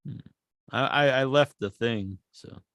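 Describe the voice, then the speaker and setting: A man co-hosting a podcast in casual chat, an animated storyteller who laughs often and acts out sounds. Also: mid-range voice, a little slow, dry recording. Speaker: podcast co-host.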